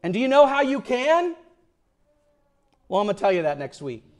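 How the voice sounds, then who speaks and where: A man preaching a sermon as pastor, swinging from loud emphatic lines to hushed, almost whispered ones. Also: very high-pitched, sing-song, normal speed.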